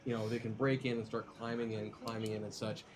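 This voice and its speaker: A man's voice: lowish voice, flat delivery, fast, noisy background. A man running a tabletop game as game master, describing the scene with frequent ums and restarts.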